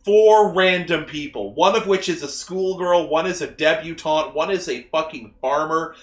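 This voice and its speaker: A man's voice: on the high side, moderate pace, echoey room. A man co-hosting a podcast in casual chat, sarcastic and emphatic as he rants. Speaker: podcast co-host.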